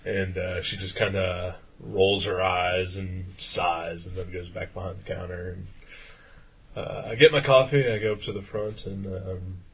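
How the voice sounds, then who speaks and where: A man's voice: sits low, flat delivery, measured pace, husky, rough recording. A man co-hosting a podcast, telling casual stories with lots of filler words and frequent swearing. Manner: rambling storyteller, many "uh" fillers, swears freely. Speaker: podcast co-host. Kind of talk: casual chat.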